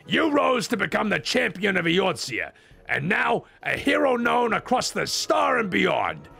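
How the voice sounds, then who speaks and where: A man voicing a small, cheerful female merchant in a squeaky falsetto, speaking in prim formal phrases that break into crude jokes, as a comedic game voice-over. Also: vocal fry, pushed and bright, full character voice.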